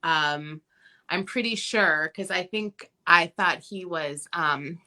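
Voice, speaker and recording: A middle-aged woman from Minnesota with a Minnesota accent, chatting as a guest and telling stories in an animated way. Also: lowish voice, slow pace. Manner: animated storyteller who laughs often and acts out quotes. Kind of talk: casual chat.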